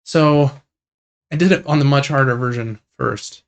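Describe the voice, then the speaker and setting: Gravelly young man chatting about games. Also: medium pitch, moderate pace. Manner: relaxed, rambling, enthusiastic about games. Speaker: podcast co-host. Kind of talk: casual gaming podcast chat.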